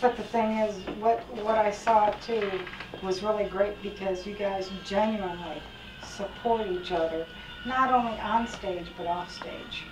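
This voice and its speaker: A woman host speaking slowly and unhurriedly as she thanks her guests. The sound is echoey, with clear noise behind. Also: mid-range voice. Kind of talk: interview wrap-up.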